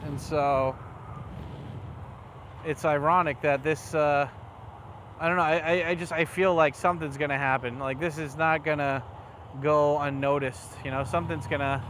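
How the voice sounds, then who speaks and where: A man records a casual riding vlog on city streets, his rambling rant full of curses. His voice sits a little higher than most men's. A faint hum of traffic runs behind him. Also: steady tone, normal speed. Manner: rambling, heavy swearing, angry. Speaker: motovlogger. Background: faint traffic noise.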